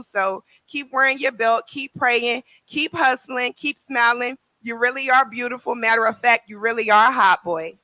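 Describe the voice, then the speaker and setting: A woman's voice: on the high side, sharp tone, no room sound, poor audio. A woman performing spoken word poetry with a rhythmic, emphatic, rhyming delivery. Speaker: performing poet.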